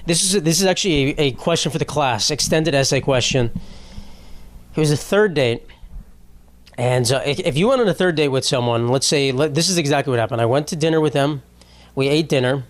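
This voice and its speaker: A man's voice: a little high, fairly quick. A young man hosting his own podcast, ranting in an exasperated, rambling way, swearing often and restarting his sentences. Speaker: podcast host. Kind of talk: unscripted comedic solo podcast rant.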